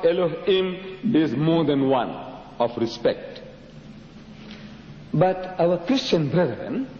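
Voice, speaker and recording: A man from Africa, giving an emphatic public religious lecture full of rhetorical questions and dramatic pitch swings. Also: darkish tone, slight background noise. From South Africa. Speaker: Muslim lecturer. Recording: dull lo-fi hall recording, echoey.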